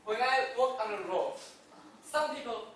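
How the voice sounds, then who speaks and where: High, lively man in echoey hall. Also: normal speed, distant mic. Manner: laughs through his own jokes. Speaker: club speaker. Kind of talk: humorous prepared speech.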